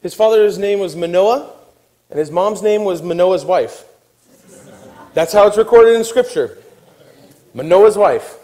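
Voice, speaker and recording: A man preaching a sermon, telling a Bible story with lively, animated delivery and acting out the characters' voices. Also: sits high, unhurried, long pauses, low-quality recording. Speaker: pastor.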